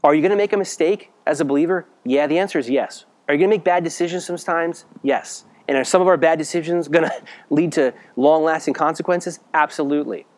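A man's voice: quick pace, a little mellow. Conversational middle-aged preacher man. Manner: conversational preaching with rhetorical questions, dropping to a low serious voice. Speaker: pastor. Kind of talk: sermon.

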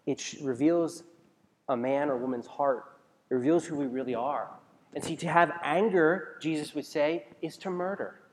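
A pastor preaches his sermon conversationally in a fairly high male voice at a moderate pace, putting questions to the congregation and frequently restarting sentences. The recording carries the long reverb of a large hall.

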